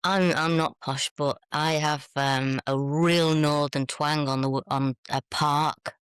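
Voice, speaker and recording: A woman with a northern English accent, chatting casually as a guest in an interview, playful and quick to laugh. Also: low-pitched, fairly even intonation, smooth, no echo. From Northern England. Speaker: sitcom creator and guest.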